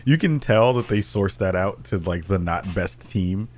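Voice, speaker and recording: A man as a podcast guest in casual chat, playful, building jokes in a low-key way. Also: animated, moderate pace, darkish tone.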